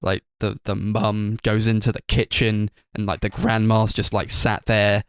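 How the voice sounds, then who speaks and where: Rambling low-voiced man reviewing films. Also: monotone, measured pace, clear, resonant tone, dry recording, studio quality. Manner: rambling, filler-heavy, giggly retelling. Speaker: podcast co-host. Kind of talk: casual film review chat.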